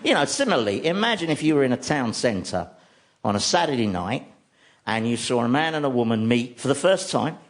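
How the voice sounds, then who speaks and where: A man's voice: mid-range voice, a little fast. Wry man telling comic stories. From London, England. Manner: wry, deadpan comic storytelling. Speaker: comedy host. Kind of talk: stand-up comedy monologue on radio. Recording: recording with steady background noise.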